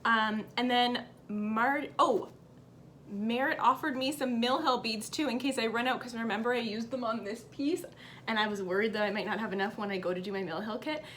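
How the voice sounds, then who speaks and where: A woman's voice: a little high, normal speed, a bit bright, slight background noise. A woman hosting a cross-stitch vlog, chatting upbeat to camera and reading out viewer comments at home. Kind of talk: casual chat to camera.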